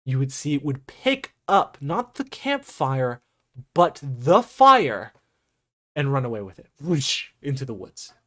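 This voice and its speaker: A woman runs a tabletop game, laying out each scene in measured, descriptive narration. Her voice sits unusually low for a woman. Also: very animated, fairly bright tone. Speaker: game master.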